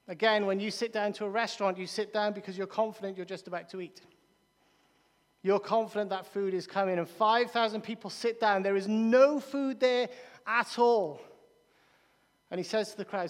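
A man preaching a sermon in a church, emphatic and repeating key phrases, with quick restarts. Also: high voice. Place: large church hall. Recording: long reverb of a large church hall.

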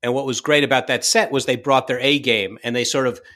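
A man telling stories from his directing days in a casual interview, lively, full of fillers and restarts. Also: mid-range voice, fairly quick. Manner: animated anecdote-telling, acts out quoted lines; frequent fillers and self-restarts.

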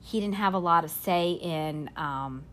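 A woman podcast host retelling a story in casual chat, haltingly, with fillers and self-corrections. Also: on the low side, a bit bright.

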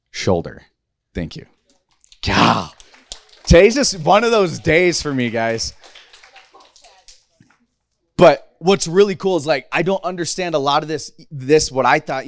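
A man's voice: a little high, dry recording. Thirties male youth preacher, candid and emotional, casual delivery, dry sound. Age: 30s. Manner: emotional, candid, rambling with restarts. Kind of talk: casual sermon.

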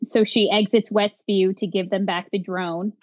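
A chatty woman co-hosting a casual podcast, talking over a video call. Her voice sits at an ordinary middle pitch, and the audio comes through a little dull and lo-fi. She keeps the conversation moving by recapping what happened. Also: fairly even intonation, moderate pace. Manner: chatty, recaps scenes by quoting characters. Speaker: podcast co-host. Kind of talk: casual chat.

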